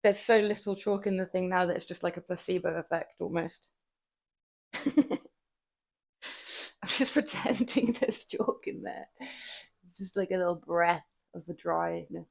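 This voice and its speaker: Woman streamer, low gravelly voice, casual chat, frequent laughs, home gym. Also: a little slow, pauses often, a little mellow. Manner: chatty, laughs often, swears casually. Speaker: livestreamer working out.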